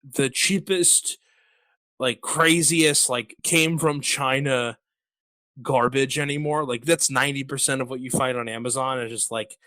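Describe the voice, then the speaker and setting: A male podcast host talks in a loose, rambling way, tossing in jokes and plenty of fillers. His voice sits at an ordinary middle pitch. The sound is dry and close, with no room echo. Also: fairly even intonation, measured pace, sharp tone. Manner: rambling, jokey, lots of fillers. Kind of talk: casual chat.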